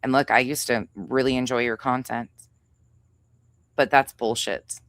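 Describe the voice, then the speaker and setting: A woman's voice: very deep voice, steady tone, unhurried, a bit bright, dry recording. A woman hosting a livestream, ranting angrily and with heavy profanity, calling out another creator and reading chat names aloud. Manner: angry, profane, confrontational. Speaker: livestream host. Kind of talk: heated livestream rant.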